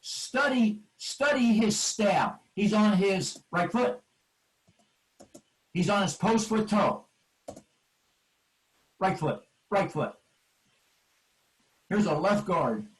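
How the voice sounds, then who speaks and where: Emphatic high-voiced older male coach. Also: lively intonation, slow, pauses often, recorded from a distance, rough recording. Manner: emphatic, repetitive cueing phrases. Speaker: football offensive line coach. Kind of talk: coaching clinic presentation over drill video.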